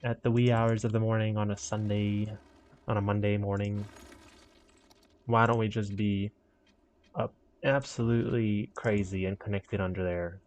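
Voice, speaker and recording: A young man with a fairly low voice chats loosely as he plays a city-building game. He rambles, teases himself and turns to his viewers now and then. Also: little pitch movement, moderate pace, long pauses, darkish tone. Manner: rambling, self-mocking, talks to viewers. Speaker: streamer. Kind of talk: casual gameplay commentary.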